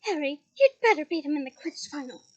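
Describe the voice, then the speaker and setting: A woman voicing a studious teenage schoolgirl witch who turns high and fretful when upset. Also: animated, fast. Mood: firm. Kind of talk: audiobook character reading.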